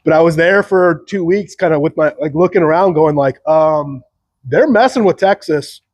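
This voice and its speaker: Dude rambling solo to camera, lots of "like", chuckles a lot, slightly high voice. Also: male voice, steady tone, normal speed, darkish tone. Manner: rambling, many "like" fillers, laughs between remarks. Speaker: channel host. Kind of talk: solo commentary monologue.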